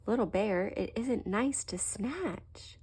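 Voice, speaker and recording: A tired but patient father bear from a picture book gently coaxes his little one, as a woman reading aloud puts him on. The voice is husky and low with a gravelly edge. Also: sing-song, unhurried, exaggerated voice. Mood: coaxing. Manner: coaxing, patient.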